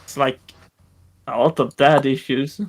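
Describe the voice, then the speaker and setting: A man playing a tabletop game, chatting casually and quick to argue and exclaim. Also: mid-range voice, steady tone, noisy background. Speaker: tabletop player.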